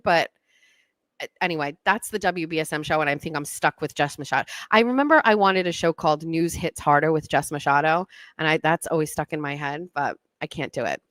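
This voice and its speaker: A woman's voice: sits low, fairly bright tone, no room sound. A woman hosting a talk show, chatting in a rambling, self-deprecating way. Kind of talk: casual monologue.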